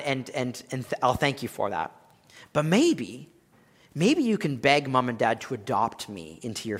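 A man's voice: a little high, a bit bright, long reverb tail. A man preaching a sermon as a pastor, teaching earnestly with rhetorical questions and frequent restarts.

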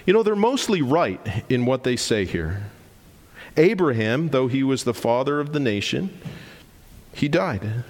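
Pastor guy preaching, earnest and deliberate, lots of emphasis, voice ringing in a big reverby church. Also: medium pitch, big pitch swings, a little mellow. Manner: earnest, emphatic, deliberate, repeats lines for stress. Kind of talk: sermon. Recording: long reverb of a large hall.

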